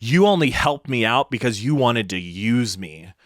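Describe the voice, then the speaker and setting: A man's voice: mid-range voice, moderate pace, dry recording, studio quality. Man animatedly retelling a heated fight. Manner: animated retelling of an argument, acting out both sides with rising heat. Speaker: guest comedian. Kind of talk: casual storytelling on a podcast.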